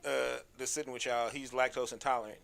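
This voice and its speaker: A man's voice: medium pitch, steady tone, fast talker, over a noisy crowd. A man in casual chat, joking in laid-back slang.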